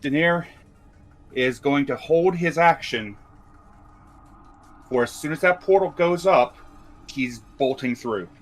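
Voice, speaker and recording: A man's voice: a little high, a little slow, pauses often, soft background music. A man playing in a tabletop game, describing his character's moves in third person, plain and matter-of-fact. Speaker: player.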